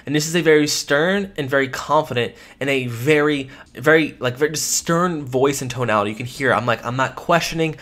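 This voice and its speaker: A man's voice: medium pitch, brisk, hardly any pauses, fairly bright tone. A man teaching life insurance phone sales in a training lesson, emphatic and repeating his key points.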